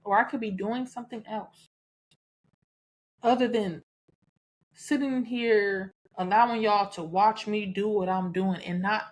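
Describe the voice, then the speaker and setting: A woman's voice: medium pitch, steady tone, a little slow, pauses often. Candid Southern woman podcaster. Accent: Southern American. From American South. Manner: candid, chatty, frequent laughs and cussing. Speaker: podcast host. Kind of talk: casual solo podcast talk.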